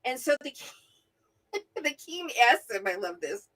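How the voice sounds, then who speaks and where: A middle-aged woman co-hosts a casual Bible discussion, telling the story in a high, bright voice. Her pitch swings widely as she animates each scene. She keeps checking in with "right?" as she goes. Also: sing-song, unhurried, pauses often, low-quality recording. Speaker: co-host, mother of the other host. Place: at home, remote from her co-host.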